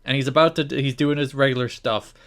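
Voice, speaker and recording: A man co-hosting a podcast in casual chat, retelling events in an animated, exasperated way. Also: medium pitch, fast talker. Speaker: podcast co-host.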